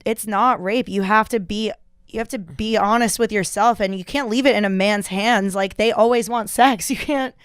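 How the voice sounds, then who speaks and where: A woman's voice: mid-range voice, moderate pace, clear, resonant tone, no room sound, clean studio sound. A woman in casual comedic chat on a podcast, blunt and profane, laughing often. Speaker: podcast guest. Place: podcast studio.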